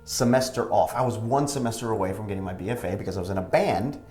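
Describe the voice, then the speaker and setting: Wisecracking man telling stories, low voice. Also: quick pace, darkish tone, roomy sound, faint music behind. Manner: wisecracking, acts out quoted people. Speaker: comedian and actor guest. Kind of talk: casual storytelling interview.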